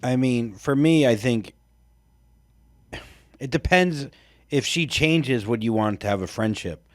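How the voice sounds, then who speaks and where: Male podcast co-host, laid-back and deadpan, dry close mic. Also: medium pitch, measured pace, no room sound. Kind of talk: casual podcast chat.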